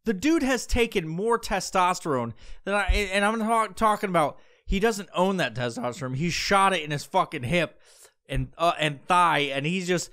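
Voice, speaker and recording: A man's voice: high voice, animated, moderate pace, pushed and bright, clear, resonant tone. A man hosting a crude comedy podcast, ranting profanely and acting out voices mid-story. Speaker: podcast host.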